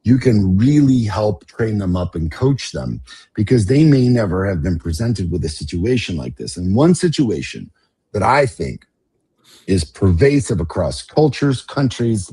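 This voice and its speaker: A middle-aged man with a low, husky voice hosts a podcast in a casual style. He rants with passion and swears freely, pushing into loud, emphatic bursts. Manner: passionate, profane, builds to emphatic outbursts. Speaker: podcast host.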